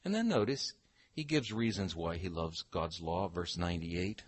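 An older man preaching a Bible-teaching sermon, emphatic, slowing down to read scripture aloud. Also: sits low, lively intonation, slightly rough, no echo.

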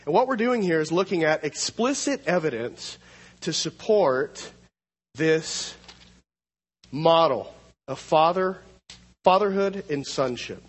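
A man preaching a sermon, teaching through a Bible passage, slowing down to read scripture aloud. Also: fairly high pitch, expressive, breathy edge, in a large hall.

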